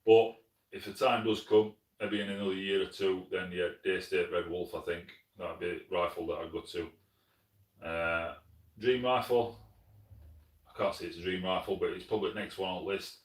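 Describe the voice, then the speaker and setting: Streaming live from his lodge, this Sheffield hunting channel host has a low, steady voice at normal speed and a South Yorkshire accent. He's recorded from a distance in an echoey room, replying to comments plainly and warmly and frequently saying mate.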